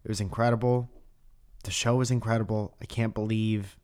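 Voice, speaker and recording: A man hosting a podcast, a comedian talking in a relaxed, wry way. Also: lowish voice, brisk. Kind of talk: casual podcast chat.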